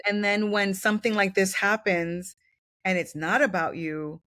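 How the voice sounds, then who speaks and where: A woman co-hosting a podcast, chatting casually with emphatic, affirming energy. Her voice sits at an average pitch and is recorded close and dry, with no room sound. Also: little pitch movement, unhurried, fairly bright tone, dry recording. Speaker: podcast co-host. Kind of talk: casual chat.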